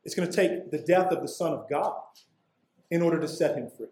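Pastor guy preaching, high voice, chatty asides, big echo in the room. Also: warm tone. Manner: conversational preaching with casual asides and emphatic pauses. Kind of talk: expository sermon. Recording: echoey room.

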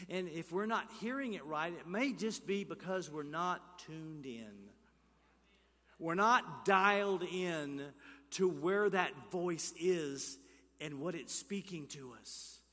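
Bright-voiced male pastor preaching. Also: high-pitched, unhurried. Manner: preaching with swings between loud emphatic calls and hushed near-whispers; asks the congregation questions and leads call-and-response. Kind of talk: sermon. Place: church sanctuary. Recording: church hall reverb.

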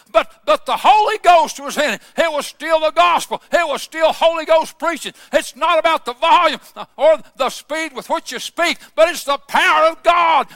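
High, bright-voiced fervent preaching man. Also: no echo, clean studio sound. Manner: impassioned preaching that swells into shouts, many "uh" fillers. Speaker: pastor. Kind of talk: fervent sermon.

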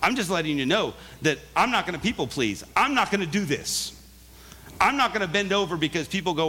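A man's voice: high voice, animated, fairly quick, bright, forceful tone, slightly rough. A male pastor giving a sermon, earnest and conversational with emphatic turns.

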